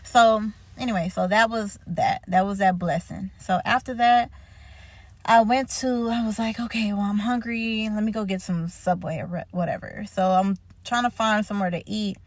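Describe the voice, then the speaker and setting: Animated young woman telling a story. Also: mid-range voice, moderate pace, no echo. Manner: animated, laughing, emotional, chatty with frequent fillers. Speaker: faith vlogger. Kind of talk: casual storytelling vlog.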